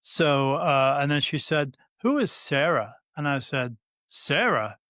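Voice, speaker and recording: Man in his fifties telling a story haltingly. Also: a little high, lively intonation, a bit bright, no echo, studio quality. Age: 50s. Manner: halting, many "uh" fillers and restarts, acts out quoted dialogue. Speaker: guest, spirit medium. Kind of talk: casual storytelling in an interview.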